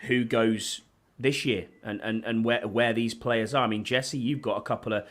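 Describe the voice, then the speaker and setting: A man's voice: medium pitch, fairly even intonation, moderate pace. A man from the northeast of England with a northern English accent, co-hosting a casual podcast chat while worn out by a flu, rambling with many restarts. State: tired with a flu. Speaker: podcast co-host.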